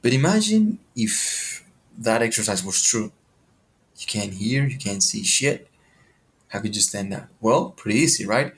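Animated man with a low voice. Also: a little slow. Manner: animated, questioning, swears casually. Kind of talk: motivational monologue.

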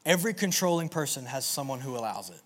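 A man preaching a sermon to a live audience in an animated, energetic way, with call-and-response. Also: mid-range voice, fast talker. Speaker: pastor.

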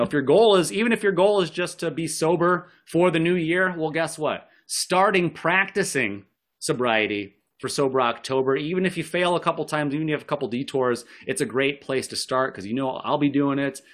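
A man's voice: on the high side, fairly bright tone. A man speaking as a podcast guest, giving casual, rambling advice and often correcting himself with a joking tone. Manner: rambling, self-correcting, jokey.

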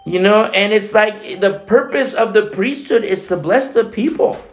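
A man's voice: sits high, normal speed. A man preaching a Bible teaching sermon as a pastor, talking conversationally with frequent "you know" asides.

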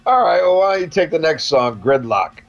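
A man co-hosting a casual talk show, calmly pushing back and defending his view. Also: a little high, fairly quick, creaky, lo-fi sound, soft background music. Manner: laid-back, pushes back with a defending argument. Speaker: podcast co-host. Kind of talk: casual chat.

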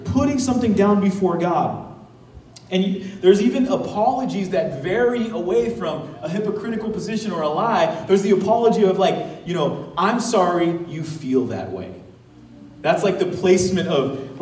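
A man preaching as pastor in a conversational, animated way, with casual asides and laughter. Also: sits high, roomy sound, distant mic, rough recording. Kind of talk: sermon. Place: church sanctuary.

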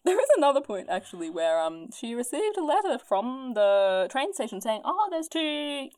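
A woman casually tells a history story on a podcast at a moderate pace, with no room sound. She's animated, acting out quotes with big jumps in pitch.

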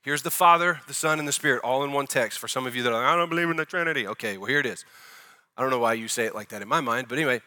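Animated man preaching with a bright voice. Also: mid-range voice, racing. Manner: animated preaching, acts out quoted voices, talks to the congregation. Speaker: pastor. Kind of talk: sermon.

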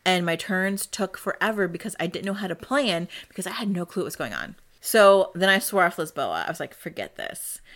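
A woman's voice: fairly low pitch, lively intonation, a little fast, hardly any pauses, fairly bright tone. A woman co-hosting a podcast in casual chat, chatty and rambling, laughing often. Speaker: podcast co-host.

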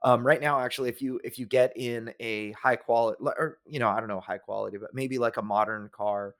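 A man's voice: mid-range voice, fairly quick. Casual rambling man on a podcast. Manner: relaxed, rambling with restarts and fillers. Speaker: podcast co-host. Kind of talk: casual chat.

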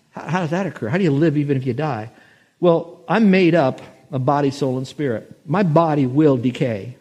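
A man pastor preaching a sermon, telling a story and slowing down to stress scripture. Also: a little high, darkish tone. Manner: storytelling, slows and swells for emphasis on scripture.

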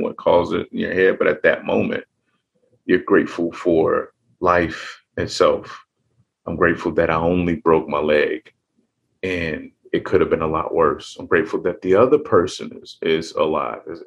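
Man, very low voice, gravelly, earnest, rambling casual talk. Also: steady tone, moderate pace, lo-fi sound. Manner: rambling, earnest, with frequent restarts. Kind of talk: casual motivational monologue.

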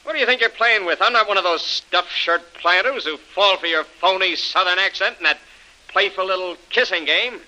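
A hard, threatening villain from a vintage radio serial. He talks in a clipped tough-guy way with a slightly raised pitch and a very bright, cutting tone, leaning on every menace. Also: normal speed, low-quality recording. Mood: menacing. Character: menacing male villain with a bullwhip. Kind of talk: 1940s radio acting.

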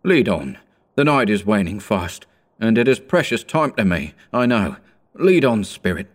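A man's voice: lowish voice, big pitch swings, measured pace. A man voicing a frightened old male miser from a storybook, speaking in earnest, solemn pleading.

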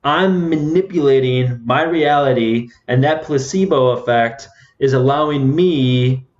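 A man's voice: medium pitch, measured pace. A man hosting a podcast, asking eager, rambling questions. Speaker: podcast host. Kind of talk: casual conversation. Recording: roomy, dull lo-fi sound.

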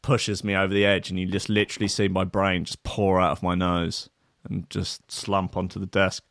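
Bright, rambling DJ host. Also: male voice, low-pitched, little pitch movement, normal speed, no echo, clean studio sound. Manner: rambling, profane, self-mocking humor. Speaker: DJ and show host. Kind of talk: casual chat. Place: studio at a desk. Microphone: webcam setup.

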